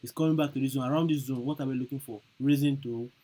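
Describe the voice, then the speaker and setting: A man's voice: mid-range voice, fairly even intonation, fast, dark tone, low-quality recording. A man teaching chart trading over a screen recording, repeating each point and checking in with "okay?" and "right?". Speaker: trading instructor.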